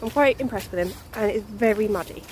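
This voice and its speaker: Out walking her dog in a muddy forest, a young vlogger chats casually into her phone, slightly breathless and laughing often. Her voice is mid-range and she talks fast.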